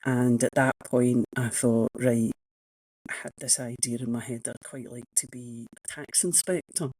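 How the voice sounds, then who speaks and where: A Scottish woman in her sixties with a husky, slightly breathy voice, recorded dry and close. She spins frank, self-mocking anecdotes about her own path, chatty and unguarded. It sounds like an easy conversation on a podcast. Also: very deep voice, steady tone, normal speed, darkish tone, dry recording, poor audio. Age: 60s. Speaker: guest, economics professor. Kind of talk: casual interview storytelling.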